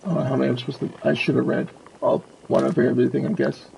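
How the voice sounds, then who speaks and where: A man's voice: medium pitch, fairly even intonation, rapid-fire, gravelly, dark tone, a little hiss or hum, low-quality recording. A man streaming a game with casual commentary. He reads the quest text and the characters' lines aloud.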